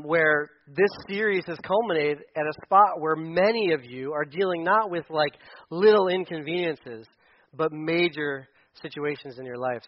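A male pastor preaching a sermon in a conversational way, with many restarts, his voice rising when he quotes. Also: fairly high pitch. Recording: dull radio broadcast audio.

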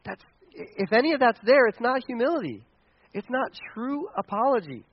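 High-voiced man preaching a sermon. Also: normal speed, slightly rough, lo-fi sound. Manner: animated preaching with audience questions. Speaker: pastor.

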